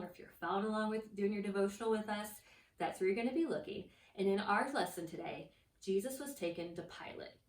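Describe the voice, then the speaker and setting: A woman children's ministry teacher telling a Bible story and talking straight to the kids in an animated storytelling way. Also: medium pitch, far from the mic. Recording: echoey room, voice off-mic.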